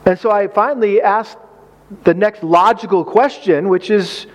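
Middle-aged male pastor with a high voice; animated sermon delivery, acting out his own story. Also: measured pace.

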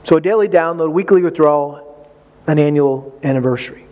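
A man's voice: on the high side, fairly quick, muffled recording. A man preaching on marriage in a folksy, conversational way, acting out quotes with humor. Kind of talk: sermon.

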